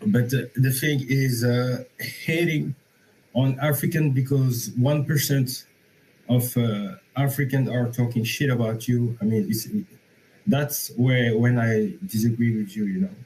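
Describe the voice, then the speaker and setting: A man's voice: mid-range voice, fairly even intonation, measured pace, a little mellow, a little hiss or hum, low-quality recording. Hesitant young Senegalese-accented man. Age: young adult. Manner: hesitant, full of fillers, insistent. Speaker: caller. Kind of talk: call-in debate.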